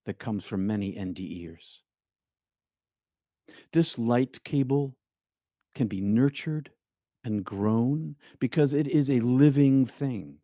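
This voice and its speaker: A middle-aged man giving a reflective spiritual talk as host, often dropping into quiet, hushed phrases. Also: medium pitch, dry recording, clean studio sound. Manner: slow, reflective, drops to near-hushed phrases. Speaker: spiritual speaker and show host.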